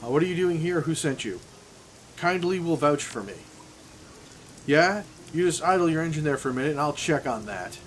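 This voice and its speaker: A man's voice: fairly high pitch, expressive, normal speed, slight background noise, natural voice. A man voicing a brusque but cheerful hungover street doctor in his forties, blunt and jovial.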